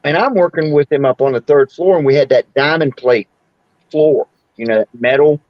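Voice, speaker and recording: A podcast host in his sixties leads a casual chat, telling rambling stories and laughing often. His voice is a little high at a moderate pace, and the recording is muffled with no room sound.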